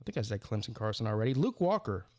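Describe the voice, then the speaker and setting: A man's voice: fairly low pitch, sing-song, quick pace, warm tone, no echo. A man hosting a live sports call-in stream, rambling casually with stammered restarts and repeated words.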